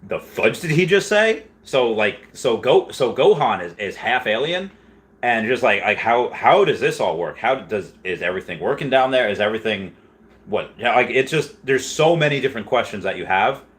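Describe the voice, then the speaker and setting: A man's voice: lowish voice, lively intonation, normal speed, fairly bright tone. A man in his thirties hosting a casual livestream, rambling through chat questions with many restarts and fillers. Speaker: livestream host answering chat.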